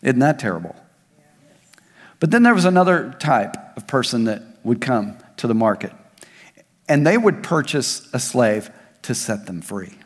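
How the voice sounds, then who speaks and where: Male pastor, mid-pitched voice, swinging between loud emphasis and hushed asides, long hall reverb. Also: very animated, unhurried. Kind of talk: sermon. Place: large church hall.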